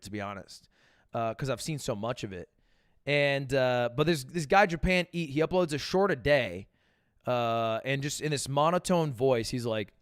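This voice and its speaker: A man's voice: a little high, clean tone, no room sound, studio quality. A man streaming live, answering viewer questions in loose, profane chat full of stammered restarts.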